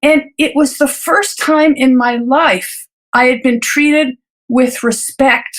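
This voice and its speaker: Woman doctor, interview guest, high voice, reflective storyteller, light laughs, halting repeats. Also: fairly even intonation, a bit bright. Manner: earnest, reflective, laughs lightly between thoughts; halting restarts and repeated words. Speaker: physician guest.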